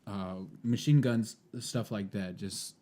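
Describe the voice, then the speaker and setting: A man's voice: on the low side, takes it slowly, mellow. A man who is a guest on a casual podcast, cutting in with jokes and casual swearing. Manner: jokey interjections, casual swearing.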